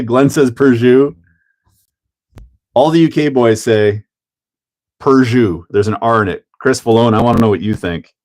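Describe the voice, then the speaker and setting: A man's voice: mid-range voice, normal speed, darkish tone. Chatty man hosting a hobby livestream. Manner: chatty, greets viewers by name, laughs often. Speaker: livestream host. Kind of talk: casual live chat while building a model.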